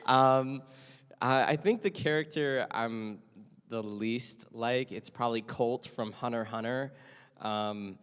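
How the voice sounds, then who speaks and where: Laid-back guy voice actor rambling on a panel, mid-pitched, hall echo. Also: slow, a bit bright, smooth. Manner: easygoing and rambling, many fillers and restarts. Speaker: anime voice actor on a convention panel. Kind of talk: casual panel chat. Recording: convention hall reverb.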